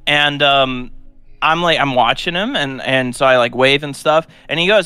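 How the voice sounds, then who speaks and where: A young man co-hosting a live stream, telling a rambling story in a casual, animated way with lots of fillers. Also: mid-range voice, a little fast, clean tone, no echo. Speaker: streamer co-host.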